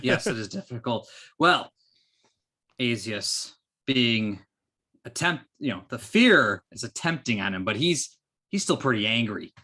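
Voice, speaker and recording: A man's voice: medium pitch, very animated, unhurried, pushed and bright. A man playing an online tabletop game, casual and a bit fumbling. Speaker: player.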